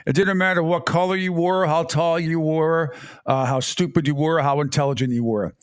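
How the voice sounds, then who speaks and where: A middle-aged man hosting sports talk radio, telling stories in a rambling, animated way and laughing often. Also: a little high, normal speed, clear, resonant tone, dry recording, studio quality.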